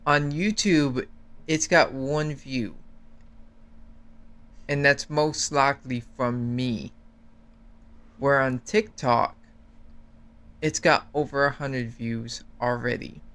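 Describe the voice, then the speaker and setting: A man with a mid-range voice rants earnestly as a guest. He complains at length, steady and conversational. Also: medium pitch, slow pace, long pauses, clean tone. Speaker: guest YouTuber. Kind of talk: casual chat.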